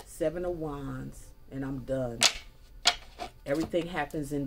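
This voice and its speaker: A woman's voice: low voice, unhurried, very noisy. A woman giving a casual spoken tarot reading, chatty and folksy, talking straight to her viewers. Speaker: tarot reader. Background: faint music.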